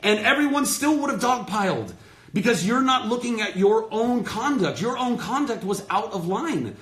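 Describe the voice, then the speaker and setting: A man in his thirties speaks in a fairly high, very lively voice, talking fast and loose on a phone livestream. He rants with real passion and drops curse words for emphasis. The room around him sounds echoey. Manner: passionate, emphatic, swears freely. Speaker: host of his own livestream Q&A. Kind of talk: heated off-the-cuff rant to followers.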